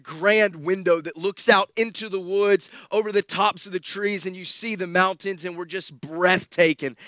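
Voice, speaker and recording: A man preaches in a high, bright, ringing voice. He tells stories with self-deprecating humor and swings between quiet asides and loud bursts. The sound is dry and close. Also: dry recording. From South Alabama. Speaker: pastor. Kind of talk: sermon with a personal story.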